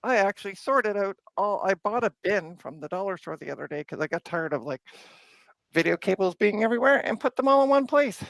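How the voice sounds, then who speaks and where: A woman talks through her hands-on tinkering in a casual live stream, playful and chatty. Her voice swings widely in pitch and carries some gravel, and the mic sound is close and dry. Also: expressive, fairly quick, dry recording. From Canada. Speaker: streamer hosting a hardware repair stream. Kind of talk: casual live-stream chat while working. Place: home workbench.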